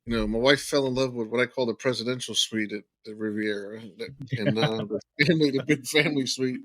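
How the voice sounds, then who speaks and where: A man's voice: medium pitch, brisk, no room sound. A man telling a long personal anecdote in casual conversation, acting out the lines of people in the story. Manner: animated anecdote teller, acts out quoted lines. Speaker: podcast guest.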